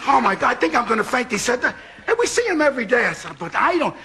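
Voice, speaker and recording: New guy telling a funny story on a talk show, way high voice, bright and punchy, faint hiss. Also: fairly quick. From New York. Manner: animated, repeats for laughs. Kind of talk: comic anecdote. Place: TV studio with audience.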